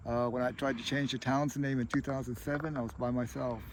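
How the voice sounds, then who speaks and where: A middle-aged man tells his stories outdoors in a loose, rambling way, with "you know" in nearly every sentence. His pitch sits in the ordinary middle range. A faint hum of outdoor ambience and passing traffic runs underneath. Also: flat delivery, fairly quick. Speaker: tribal chair candidate. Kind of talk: casual storytelling interview.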